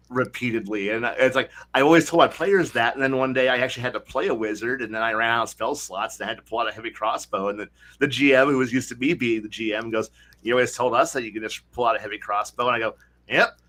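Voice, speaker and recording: A man hosting a casual podcast chat about tabletop games, talking animatedly and slipping into quick voices for players. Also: medium pitch, pushed and bright. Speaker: podcast host.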